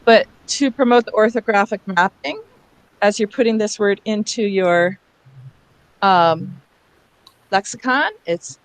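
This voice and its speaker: A woman's voice: medium pitch, dry recording. Patient woman teaching reading, dry sound. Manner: patient, explains sounds slowly syllable by syllable. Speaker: reading instructor. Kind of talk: teacher workshop on video call.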